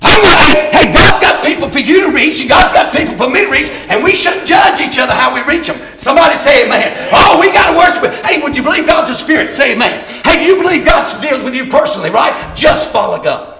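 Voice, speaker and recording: A man preaching a shouted revival sermon, calling on the congregation to say amen. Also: very high voice, animated, fast, few pauses, music in the background. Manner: call-and-response, repeatedly urging the congregation to say amen. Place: church sanctuary with congregation. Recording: echoey church with faint crowd.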